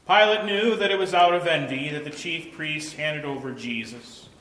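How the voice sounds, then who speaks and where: A man narrating a scripture passage in a measured, solemn liturgical reading. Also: fairly high pitch, a bit bright. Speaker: scripture reader. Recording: reverberant church.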